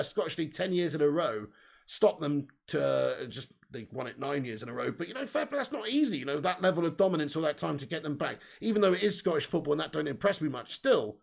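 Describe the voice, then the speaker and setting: A man's voice: fairly high pitch, animated, fast talker, vocal fry. A man hosting a live fan stream, reading viewer comments in loose, sweary casual chat. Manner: loose, sweary, laughs often. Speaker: fan channel host.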